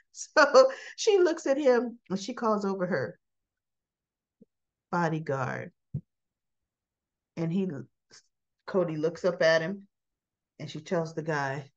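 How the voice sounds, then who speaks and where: A woman's voice: medium pitch, animated, unhurried, long pauses, muffled recording. A woman recapping a soap opera episode in a casual, chatty way, acting out the characters' lines and laughing as she goes. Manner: laughs often while talking.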